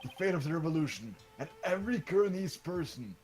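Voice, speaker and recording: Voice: mid-range voice, sing-song, fast, darkish tone, close to an everyday voice. A man doing a hearty rebel leader. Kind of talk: fan voice acting over a game.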